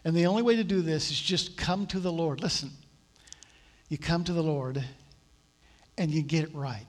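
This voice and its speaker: Storytelling male preacher, slightly high voice. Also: normal speed, long pauses. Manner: conversational storytelling preacher, acts out quoted voices. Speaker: pastor. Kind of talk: sermon.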